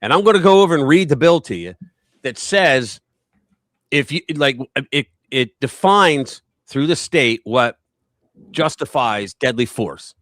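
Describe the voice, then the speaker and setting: A man hosting a casual political live stream, talking in an animated, rambling way and acting out quotes in a raised voice. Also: medium pitch, a little slow, no echo.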